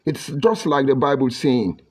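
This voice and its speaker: A man's voice: medium pitch, a little slow. Combative Nigerian man on a livestream. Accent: Nigerian English with Pidgin. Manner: combative, mocking, preachy. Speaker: livestream commentator. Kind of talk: live broadcast reading viewer comments.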